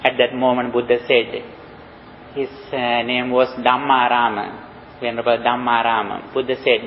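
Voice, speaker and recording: A man with a Sri Lankan accent, a Buddhist monk, giving a dharma talk in a slow, halting way with many pauses and "you know" fillers. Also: mid-range voice, level tone, a little hiss or hum. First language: Sinhala. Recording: dull lo-fi recording in a reverberant hall.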